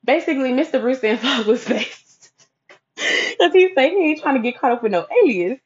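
A woman with a fairly high voice tells a candid, profane personal story in casual, animated chat. The recording sounds dull and lo-fi. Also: moderate pace, slightly rough. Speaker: vlogger telling a personal story.

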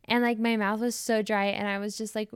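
Smooth-voiced young woman podcast host. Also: medium pitch, level tone, brisk, no room sound, studio quality. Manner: chatty, many "like" fillers, laughs through story. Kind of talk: casual storytelling chat.

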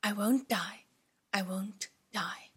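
A woman's voice: medium pitch, slow, a bit bright, breathy edge, full character voice. A woman voicing a wounded young prince who is frightened and weak. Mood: desperate.

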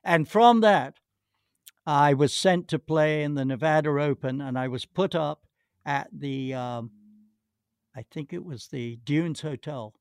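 A man's voice: on the high side, unhurried, clear, resonant tone, no echo, clean studio sound. A man being interviewed as a guest, telling long anecdotes with restarts and hesitations. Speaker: golf pro, interview guest. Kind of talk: anecdotal storytelling.

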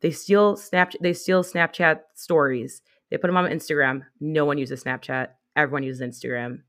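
A young woman co-hosting a podcast in casual chat, talking fast and loose with lots of "like" fillers and quoted asides. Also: deep voice, fairly even intonation. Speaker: podcast co-host.

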